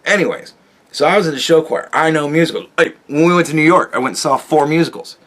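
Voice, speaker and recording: A man hosting a podcast, talking casually in a rambling, profane monologue that jumps between loud outbursts and low mutters. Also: fast talker. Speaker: podcast host.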